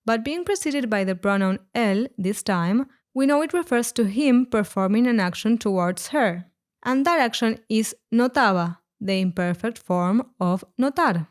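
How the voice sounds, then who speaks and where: A woman narrating a scripted language lesson, explaining words clearly and slowing down on each example. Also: on the high side, lively intonation. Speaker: Spanish teacher.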